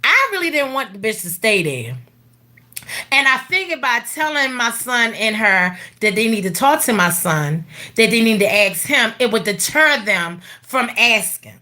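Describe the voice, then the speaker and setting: Middle-aged woman vlogger, bright high voice, profane no-filter storyteller. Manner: blunt, profane, animated. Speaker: vlogger telling a personal story. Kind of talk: casual storytelling rant.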